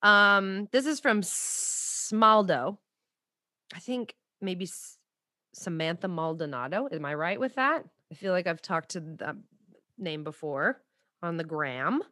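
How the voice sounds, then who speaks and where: A woman co-hosting a podcast in casual chat, playful and quick to burst out laughing. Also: fairly low pitch, no echo, clean studio sound. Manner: giggly, playful, animated. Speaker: podcast co-host.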